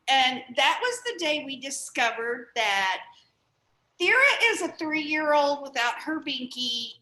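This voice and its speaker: High-voiced woman host, unhurried and chatty, roomy echo. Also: pushed and bright. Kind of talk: casual interview.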